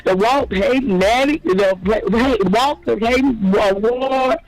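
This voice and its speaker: High-voiced guy trash talking rival fans on his sports channel, petty and mocking. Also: measured pace, poor audio.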